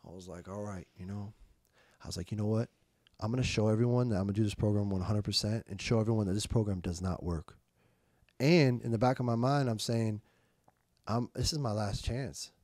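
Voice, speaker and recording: A man's voice: lowish voice, a little fast, darkish tone, no echo, studio quality. A young adult man telling his recovery story as a podcast guest, emphatic and slangy, repeating words and quoting himself. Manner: swearing street slang. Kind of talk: candid recovery story in conversation.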